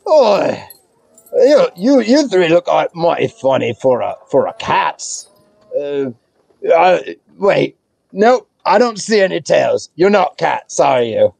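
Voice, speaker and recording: Man voicing a dim-witted half-ogre thug: hungover, blustering, a bit high, lively. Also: slow pace, gravelly, slightly rough, dry recording, exaggerated voice. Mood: grumpy. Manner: dim-witted, blustering, trips over his own name.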